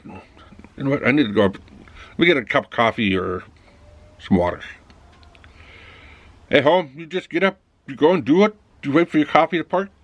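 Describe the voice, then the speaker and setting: A man's voice: medium pitch, a bit bright, dry recording. A man talking casually in a rambling monologue, acting out both sides of little office dialogues. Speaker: vlogger.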